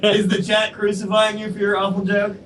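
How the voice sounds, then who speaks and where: A man hosting a livestream, teasing his co-hosts with quick wisecracks. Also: sits high, completely flat delivery, crowd noise. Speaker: livestream host. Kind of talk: casual banter. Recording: distant mic with clear background noise.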